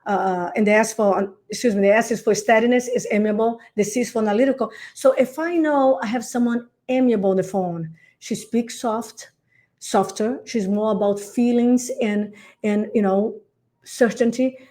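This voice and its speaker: Animated woman. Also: fairly high pitch, normal speed. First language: Portuguese. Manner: animated, acts out phone calls, says darling. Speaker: real estate coach. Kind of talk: podcast interview.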